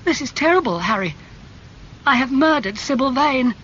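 A man voicing an impulsive, anguished young man who cries out in a high, strained voice. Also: expressive, unhurried, sharp tone, highs cut off, a little hiss or hum, full character voice.

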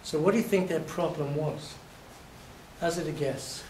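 A man from England giving a university lecture, telling lively stories and acting out his examples, his voice a little hoarse. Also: a little high, moderate pace. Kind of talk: classroom lecture. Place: lecture hall. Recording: echoey hall, distant mic, faint noise.

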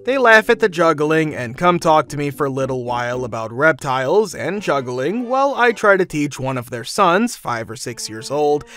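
Man narrating a story over soft music. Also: on the high side. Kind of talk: scripted first-person story narration.

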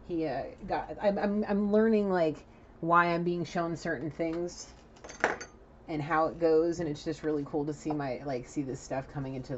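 A woman's voice: sits low, a little mellow, highs cut off, a little hiss or hum. A woman giving a spiritual reading to camera in an emphatic, profane, chatty manner. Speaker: psychic reader.

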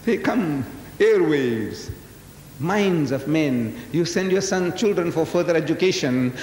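A man in his seventies giving a public lecture, telling a story with emphatic rhetorical questions. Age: 70s. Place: large lecture hall. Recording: echoey hall recording, faint rumble.

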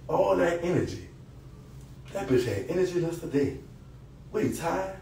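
A man rants and taunts on a live stream in a loud, profane voice. His pitch sits a little high and leaps around constantly. The room gives the voice a strong echo. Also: expressive, a little slow, gravelly, pauses often, distant mic, slight background noise. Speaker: social media personality.

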